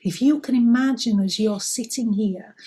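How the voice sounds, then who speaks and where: A woman co-hosting a spiritual talk, giving gentle, reassuring advice. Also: on the high side, normal speed, slightly rough. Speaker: spiritual co-host.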